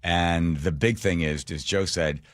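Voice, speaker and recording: A middle-aged man hosting a radio show, telling a story in a casual, animated, self-mocking way. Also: deep voice, a little slow, no echo, studio quality. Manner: animated, self-mocking, laughs at his own stories. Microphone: studio microphone.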